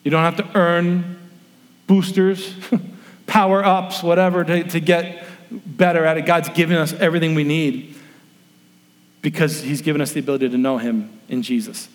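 A male pastor delivers a sermon with a slightly higher voice than most men. He tells stories and acts out the people in them. The sound rings with the long reverb of a large hall. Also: steady tone, moderate pace, pauses often. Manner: storytelling, acts out quoted voices.

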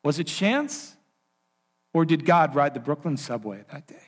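A man with a fairly high voice delivers a sermon as a story. He tells it with animation and gives the people in it their own lines. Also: very animated, measured pace. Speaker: preacher.

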